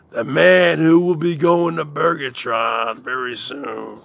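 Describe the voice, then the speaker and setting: Show host guy bragging super slow, gravelly, drags his catchphrases out. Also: fairly high pitch, steady tone, a bit bright, no echo. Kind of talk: boastful rant to camera.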